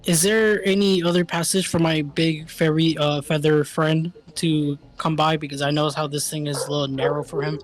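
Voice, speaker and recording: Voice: medium pitch, fairly even intonation, normal speed, hardly any pauses, low-quality recording. A player in a tabletop role-playing game who keeps pestering the others with questions.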